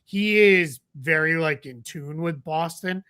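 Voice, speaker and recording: Bright-voiced chatty male podcast host. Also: fairly high pitch, slow pace, smooth. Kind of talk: casual podcast chat.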